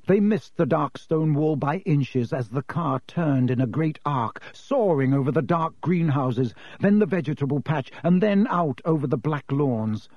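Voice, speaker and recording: A man narrating a storybook in a steady, measured reading. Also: on the high side, no room sound. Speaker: audiobook narrator. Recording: dull, lo-fi dry recording.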